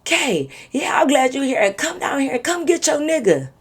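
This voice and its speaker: A drunk young man calls up a staircase, loud and insistent, his voice pitched well above a normal man's, as a woman telling the story puts him on. The calling is pushy and repetitive. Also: sing-song, normal speed.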